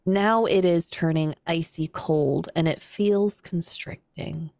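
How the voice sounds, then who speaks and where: A woman running a tabletop game, narrating scenes at a very slow, deliberate pace. Her voice has a gravelly edge and sounds dry and close. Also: lowish voice, darkish tone, dry recording. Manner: descriptive, unhurried storytelling. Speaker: game master.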